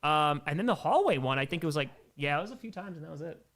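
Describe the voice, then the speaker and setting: A man with a slightly raised, light voice hosts a relaxed livestream Q&A. He talks in a loose, rambling, enthusiastic way and stops now and then to thank donors before carrying on. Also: on the high side, fast. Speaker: livestream host answering viewer questions. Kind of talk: casual chat.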